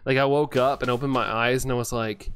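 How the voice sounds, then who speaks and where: A man's voice: mid-range voice, steady tone, a little fast, a bit bright, a little hiss or hum. A young man chatting casually as a game streamer, rambling with lots of fillers and often laughing. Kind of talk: casual chat while playing, reading chat.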